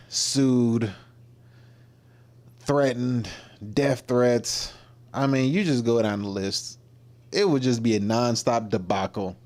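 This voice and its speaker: Guy doing reaction commentary on his stream, rambly, mid-pitched, lots of ums. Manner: rambling, with lots of fillers and restarts. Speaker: livestream host.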